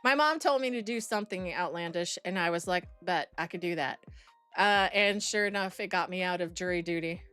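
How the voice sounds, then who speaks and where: A woman's voice: fairly low pitch, brisk, few pauses, fairly bright tone, clear, resonant tone, soft background music. A young adult woman streaming live, chatting casually with her chat in a rambling way and laughing often. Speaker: streamer reacting to videos and reading chat.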